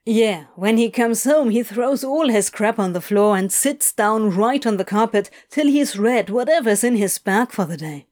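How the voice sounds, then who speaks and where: A sardonic loner drawls curt, dry replies, as a woman voices him. His voice is fairly loud and lively, with a low, mumbled trail at the end of each line. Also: normal speed, few pauses, lightly acted. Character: sardonic, aloof young-ish man.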